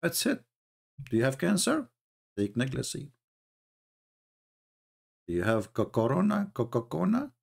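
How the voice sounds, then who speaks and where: A man hosting an online talk, speaking as an in a mocking, sarcastic way with lively storytelling. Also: mid-range voice, unhurried, creaky, pauses often, husky. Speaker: online debate host. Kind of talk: casual live-stream commentary.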